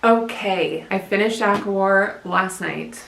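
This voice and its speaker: A woman's voice: mid-range voice, slow pace, creaky, echoey room, over music, rough recording. A young woman in her twenties recording a casual book reaction vlog at home, chatty and emotional, often laughing between lines. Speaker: book vlogger. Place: home room. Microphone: camera at close range.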